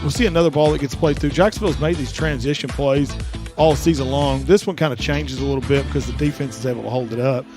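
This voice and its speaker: A man's voice: mid-range voice, steady tone, fast talker, over music. A man giving sports commentary from a stadium press box, out of breath, talking with eager, rambling enthusiasm and frequent restarts. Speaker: color commentator.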